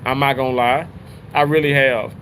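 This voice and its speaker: A man hosting a casual livestream, chatting with viewers in an animated, rambling way, full of restarts. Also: normal speed, slight background noise, poor audio. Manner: animated, rambling, with frequent restarts and pitch jumps. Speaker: livestream host reading chat.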